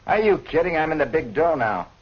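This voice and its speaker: A man's voice: on the high side, very animated, a little fast, slight background noise. An actor in a 1940s film playing a cocky, boastful young male boxer. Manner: brash, boastful, wisecracking. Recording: dull lo-fi 1940s film soundtrack. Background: loud band music and crowd.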